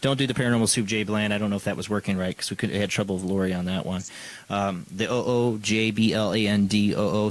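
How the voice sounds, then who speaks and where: A man's voice: on the low side, rough recording. A man hosting a live paranormal call-in show, chatting casually with a caller and reading out contact details.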